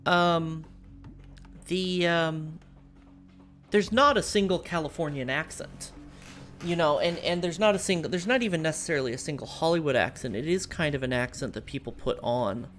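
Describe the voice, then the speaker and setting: American woman streamer just chatting with chat, lots of um and like, music playing quietly behind. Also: sits low, moderate pace. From United States. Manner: rambling, chatty, lots of fillers and restarts. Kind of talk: casual live-stream chat while playing a strategy game.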